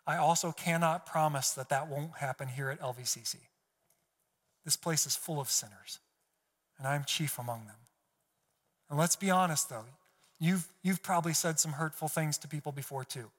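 A male pastor giving an earnest, emphatic sermon, his pitch climbing when he quotes God. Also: a bit bright. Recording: long hall reverb.

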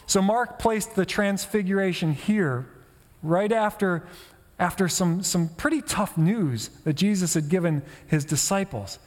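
A man's voice: high voice, unhurried, long reverb tail. A male pastor giving a conversational sermon, often asking the listeners rhetorical questions.

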